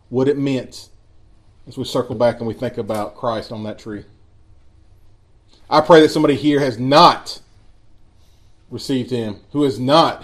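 A man preaching a sermon in a church, reading scripture slowly with emphatic pauses. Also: mid-range voice. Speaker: pastor.

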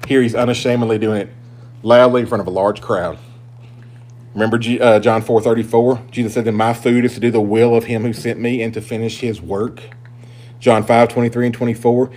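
A male pastor delivers a sermon to his congregation. His preaching is emphatic, swinging from loud, driving declarations down to hushed, confiding asides. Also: mid-range voice, flat delivery, fairly quick.

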